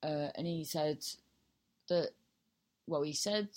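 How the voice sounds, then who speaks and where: Through lo-fi sound, a woman in her thirties with a deep, darkish voice talks slowly on the podcast she hosts. Her monologue is casual and chatty, full of self-mockery and swearing, often trailing off and restarting.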